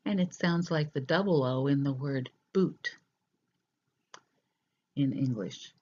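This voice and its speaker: A teacher giving a recorded language lesson, explaining slowly and deliberately with hesitant fillers, in a dull lo-fi recording. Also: medium pitch, dark tone.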